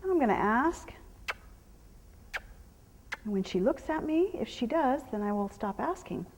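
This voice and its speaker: A middle-aged woman horse trainer teaching a live clinic, calmly explaining as she works a horse and slipping into soft praise and hushed whispers to it. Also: a little high, measured pace, in a large hall. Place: horse arena during a clinic.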